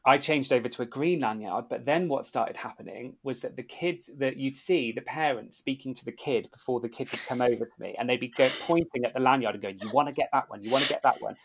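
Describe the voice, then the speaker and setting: A man's voice: mid-range voice, brisk, hardly any pauses, a little hiss or hum. A man telling a story in a casual chat, acting out the voices of the people he quotes. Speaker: podcast guest, former theme park worker.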